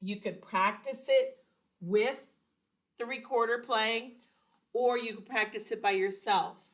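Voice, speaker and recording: Slow, patient woman teaching a lesson. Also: on the high side, a bit bright. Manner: slow, patient, explains step by step. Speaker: music teacher. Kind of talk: recorder lesson.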